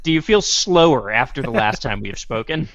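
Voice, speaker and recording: A man's voice: medium pitch, animated, a little fast, a bit bright, no room sound. A man guesting on a podcast, joking and rambling in casual chat, often acting out imagined dialogue.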